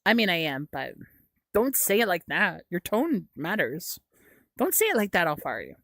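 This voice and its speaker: A young woman chats on her livestream, reacting to comments with giggles and stumbling restarts. Her voice swoops up and down in lively bursts. It is picked up dry and close on a desk mic, with no room sound. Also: fairly low pitch, moderate pace, no echo. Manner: giggly, stammering, jokey. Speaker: livestream host. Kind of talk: casual chat reading viewer comments.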